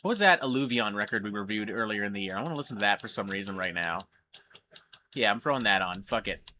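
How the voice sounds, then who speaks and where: A man's voice: fairly low pitch, expressive, fast talker, bright, forceful tone, a little hiss or hum. A man hosting a casual livestream, ranting animatedly with lots of swearing. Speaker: livestream host.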